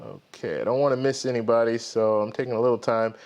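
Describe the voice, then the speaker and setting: A man's voice: medium pitch, steady tone, fast, darkish tone. Chatty man hosting a live stream. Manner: friendly, greets viewers by name one after another; rambling, restarts sentences often. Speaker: host of a live stream credit card show. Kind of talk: casual live stream chat.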